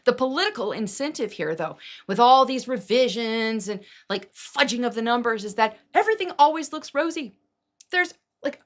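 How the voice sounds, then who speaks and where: A woman's voice: fairly high pitch, animated, moderate pace. A middle-aged woman giving casual opinion commentary, emphatic and sarcastic, with mocking asides as she rants. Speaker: political commentary vlogger.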